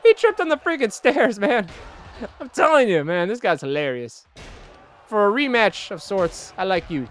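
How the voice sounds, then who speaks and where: A man commentating his own wrestling video game play, excitable and profane, trash-talking his opponent, groaning at hits and yelling when things go wrong. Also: sits high, moderate pace, slight background noise. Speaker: gameplay commentator.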